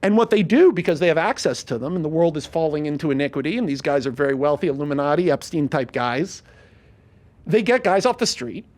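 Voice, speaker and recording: Swearing freely and talking in an animated rush, a male screenwriter and podcast host pitches a movie during a casual chat, his pace quick throughout.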